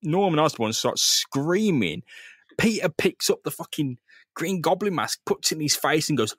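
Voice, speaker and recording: A man's voice: on the high side, expressive, moderate pace, fairly bright tone, breathy edge, no echo, studio quality. A man co-hosting a casual comic-book podcast, recapping scenes animatedly, swearing freely and acting out the characters' lines. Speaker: podcast co-host.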